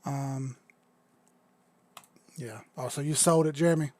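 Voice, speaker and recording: A young adult man hosting a casual crypto livestream, chatty and excitable, swearing freely as he talks viewers through charts. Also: medium pitch, slow, no echo.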